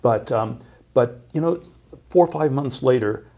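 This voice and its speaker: A middle-aged man speaks as an interview guest, his voice gravelly with a husky edge. He talks haltingly, circling back with ums, uhs and restarts as he tells his story. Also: medium pitch, darkish tone. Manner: halting, many fillers and restarts.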